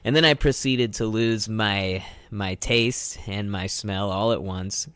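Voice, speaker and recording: A man's voice: fairly low pitch, slow, a bit bright, clean tone, no echo. A young man co-hosting a college radio show, telling a story in a wry, casual way with repeated words, on a studio microphone.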